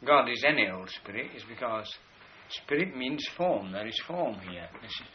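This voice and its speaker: A man's voice: mid-range voice, expressive, a crowd in the background. Man lecturing on an old lo-fi tape. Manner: measured, explanatory, slows to stress key words. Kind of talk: spoken lecture with drawings.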